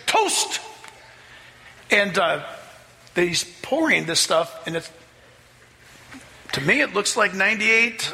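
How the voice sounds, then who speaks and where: A man preaches a sermon, telling a story from the pulpit and pushing it up to loud, excited climaxes. His voice is bright and sharp, with a long reverb tail from the church hall. A faint room ambience sits behind him. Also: sits high, a little hiss or hum. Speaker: pastor. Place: church sanctuary.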